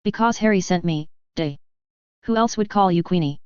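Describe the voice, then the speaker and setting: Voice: mid-range voice, moderate pace, a little mellow, clear, resonant tone, no room sound, muffled recording, lightly acted. A storybook narrator voicing a cocky male spirit who possesses a cat, speaking in a put-on TV British accent with a sardonic, grumbling manner. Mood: teasing.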